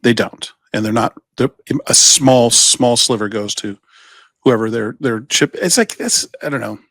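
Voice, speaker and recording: In a medium-pitched, fairly bright voice at a measured pace, a man co-hosting a podcast tells rambling, playful stories during casual chat, often restarting his sentences. The recording is dry.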